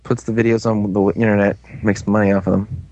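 A man's voice: lowish voice, little pitch movement, fast talker, darkish tone, no room sound. A young man in casual chat with friends, teasing them in a know-it-all way.

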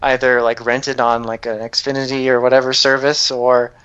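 A man's voice: mid-range voice, level tone, moderate pace, fairly bright tone, clear, resonant tone, highs cut off. A man co-hosting a casual podcast, chatting with lots of fillers and joking pop-culture quotes. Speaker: podcast co-host. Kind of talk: casual chat about a movie.

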